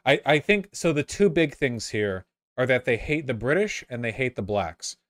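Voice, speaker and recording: A man's voice: medium pitch, sing-song, normal speed, fairly bright tone, no room sound, studio quality. A man reading a history text aloud and breaking off into casual, sarcastic asides, often stumbling and repeating words.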